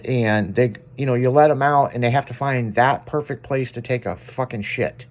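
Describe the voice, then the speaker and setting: A male radio host spins long, meandering anecdotes on air. He talks casually, swears freely and laughs at his own stories, in a voice of middling pitch. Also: moderate pace, darkish tone. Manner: rambling, profane, self-amused anecdotes.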